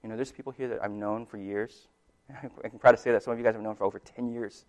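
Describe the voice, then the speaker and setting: A man preaching a sermon as pastor, casual and conversational, often checking in with "right?" and laughing, swinging between soft and emphatic delivery. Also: lowish voice, steady tone, quick pace.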